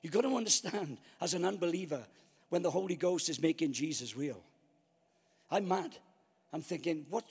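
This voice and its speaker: A man's voice: sits high, animated, normal speed, vocal fry, slightly rough, long reverb tail. A man preaching a storytelling sermon, acting out his own past thoughts.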